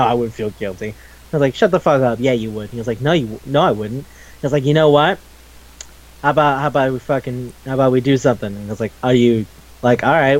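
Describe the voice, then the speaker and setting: A young man casually recapping an anime episode, swearing often and acting out the characters' lines. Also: medium pitch. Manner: animated, swears a lot, acts out characters' lines. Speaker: podcast co-host.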